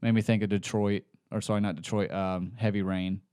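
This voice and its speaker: A man's voice: fairly low pitch, little pitch movement, fairly quick, darkish tone, clear, resonant tone, no echo, clean studio sound. A man co-hosting a podcast in casual chat, rambling and laid-back, swearing now and then. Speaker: podcast co-host.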